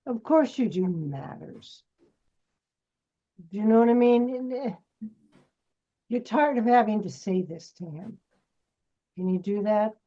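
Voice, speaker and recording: A woman's voice: mid-range voice, moderate pace, long pauses, warm tone. A woman acting teacher coaching students through a scene, brash and teasing as she pushes them. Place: acting class studio. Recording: dull lo-fi recording.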